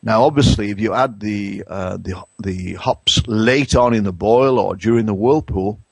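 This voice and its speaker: A middle-aged Englishman with a low voice explains brewing science as an interview guest, often stopping and restarting his sentences. The recording is dry and close, with no room sound. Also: measured pace, vocal fry, a little mellow, husky, no room sound. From England. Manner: hesitant, many restarts and fillers. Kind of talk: conversational expert interview.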